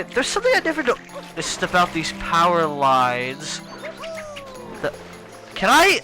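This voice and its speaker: Young male let's-play host, excitable and rambling, animated and sharp in tone. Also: on the high side, rough recording. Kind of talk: casual gameplay commentary.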